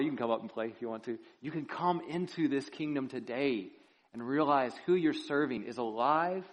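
A male pastor preaching a sermon in a church, swinging between loud, impassioned lines and hushed, quiet ones. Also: medium pitch.

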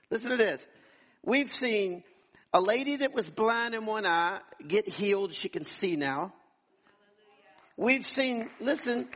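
A man with a high-pitched, fairly bright voice preaches in a church sanctuary. As pastor, he tells stories animatedly during his sermon, taking on the voices of those he quotes.

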